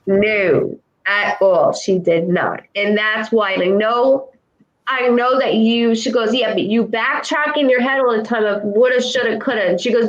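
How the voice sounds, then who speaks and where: Speaking a little slowly in a slightly high voice, a woman gives a psychic reading as a clairvoyant, earnest and repetitive as she passes along quotes from the dead. The audio is dull.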